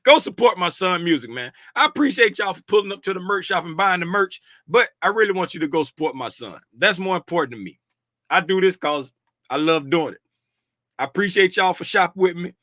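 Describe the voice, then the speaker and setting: Bright-voiced man hosting a market livestream. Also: high voice, lively intonation, a little fast, no echo, clean studio sound. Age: middle-aged. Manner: chatty, greets viewers by name and laughs often; easygoing slangy talk. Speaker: livestream host reviewing futures markets. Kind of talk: casual livestream market commentary.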